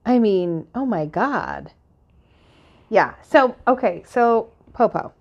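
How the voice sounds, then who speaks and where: A woman's voice: fairly high pitch, expressive, takes it slowly, highs cut off. Playful, stumbling woman co-host. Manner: playful, self-mocking, stumbles over words. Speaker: podcast co-host. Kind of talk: casual chat.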